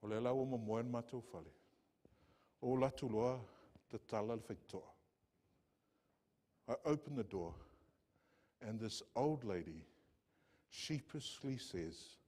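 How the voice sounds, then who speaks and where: A male pastor, preaching in a church with impassioned storytelling that swings between hushed and loud passages. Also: mid-range voice, normal speed, long pauses. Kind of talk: sermon.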